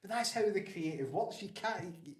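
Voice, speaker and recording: A man with an Ayrshire Scottish accent hosting a casual podcast chat, animated and laughing often. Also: high voice, normal speed, echoey room. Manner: animated, laughs often, restarts, Scots words like aye and wee. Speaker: podcast host.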